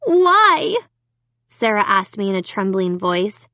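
A woman's voice: mid-range voice, moderate pace, no room sound, natural voice. A woman voicing an angry little sister who screams and demands answers. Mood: demanding.

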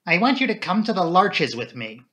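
A man's voice: high voice, big pitch swings, brisk, pushed and bright, voice pushed up, exaggerated voice. A man voicing a young woman who is earnest, resolute and defiant, in an audiobook reading. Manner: pleading, insistent.

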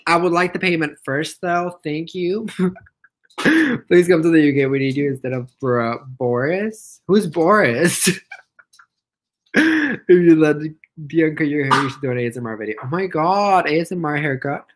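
A man's voice: fairly high pitch, animated, measured pace, rough recording. Giggly young man chatting on a livestream. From Mexico. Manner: playful and giggly, with squealing baby talk to a pet. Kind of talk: casual live-stream chat reading comments.

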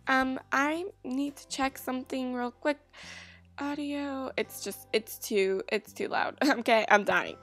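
Gaming YouTuber, young woman, high voice, bubbly and chatty, faint game music underneath. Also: fairly bright tone, no room sound. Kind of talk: casual let's-play commentary.

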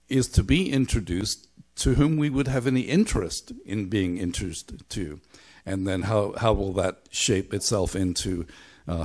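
A man's voice: lowish voice, darkish tone. A middle-aged or older man from Belfast giving a sermon as pastor, speaking thoughtfully with frequent halts and restarts. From Belfast, Northern Ireland. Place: church.

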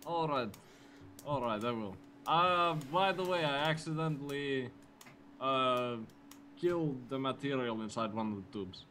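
A man's voice: medium pitch, unhurried, bright, forceful tone, slight background noise. A man playing a character in a tabletop role-playing game, speaking in character in a playful way. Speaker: player.

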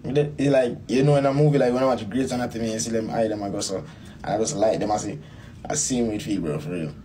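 A dancehall artist with a Jamaican accent tells a personal story, rambling casually, repeating phrases and calling the listener "bro." His voice is lowish and warm, his pace quick, with slight background noise.

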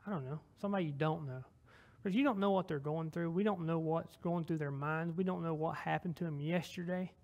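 A man's voice: fairly high pitch, fairly quick, few pauses, a little mellow. A young man with a Southern US accent giving an informal church sermon and closing prayer, folksy and rambling, self-deprecating, with frequent restarts. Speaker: lay preacher.

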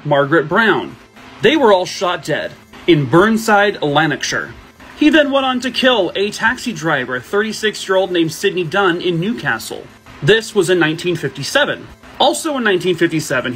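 A man recounts a true crime case in a casual, conversational way, now and then pausing on a filler. His voice sits a little on the high side. Soft music plays underneath him.

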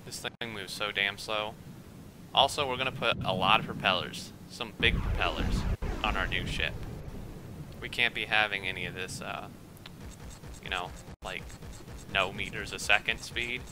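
A young man giving rambling, excitable gameplay commentary at his computer, quick to get worked up. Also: lowish voice, background noise. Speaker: let's play gamer.

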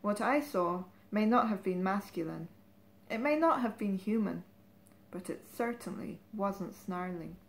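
A woman's voice: mid-range voice, animated, a little slow, creaky. A woman doing a cool, contemptuous man. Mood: dismissive. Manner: cool, dismissive. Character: skeptical, contemptuous grown man.

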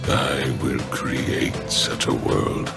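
A man voicing a menacing, grim ninja warlord in a slow, solemn monologue with a deep, demonic voice. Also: fairly even intonation, creaky, heavily acted. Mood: ominous. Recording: loud dramatic music behind.

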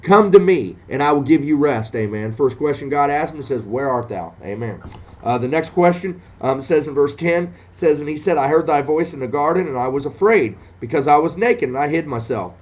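A man's voice: on the high side, normal speed, a little mellow. A man preaching a sermon, punctuating nearly every phrase with "amen" and swelling into fervent emphasis as he addresses Christians and sinners.

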